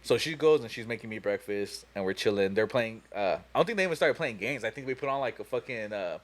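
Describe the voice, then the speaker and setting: Fast and lively in intonation, with a fairly low pitch, a young man rambles through a long, profane story on a podcast. The casual storytelling chat is full of "you know" and "like."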